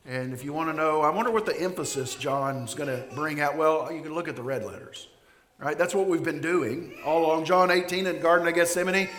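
A man preaching a sermon, emphatic, dropping to a hush and then building loud again. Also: a little high, normal speed. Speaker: pastor. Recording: echoey hall.

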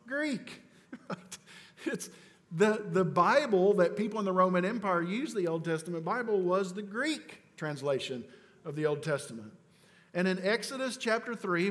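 Pastor guy preaching, kinda high voice, goes loud then drops real quiet, big echo tail. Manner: emphatic preaching, swinging from loud urgent declarations to low, slow, quiet stresses; casual asides mixed with scripture teaching. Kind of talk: sermon.

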